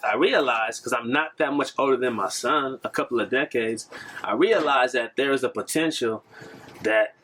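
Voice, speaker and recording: A man's voice: medium pitch, a bit bright, a little hiss or hum. Earnest man telling a personal testimony. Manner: earnest, reflective, with fillers and restarts. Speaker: podcast storyteller.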